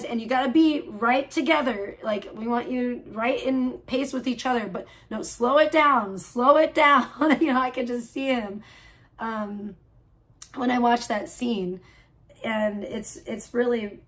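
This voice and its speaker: A woman live streaming from home, chatting casually and gushing with lots of filler words. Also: on the high side.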